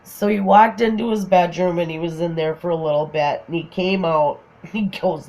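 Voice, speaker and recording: A woman's voice: fairly low pitch, moderate pace, a little mellow, muffled recording. A woman with a Minnesotan accent casually telling a funny personal story, often laughing. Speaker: craft vlogger.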